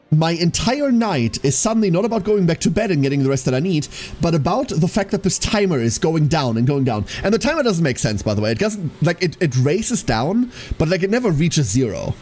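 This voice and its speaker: Male streamer, slightly high voice with a lively, bouncing delivery. Chats casually and swears freely, with faint music behind. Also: moderate pace. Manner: rambling, swears freely, chatty with viewers. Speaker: live streamer.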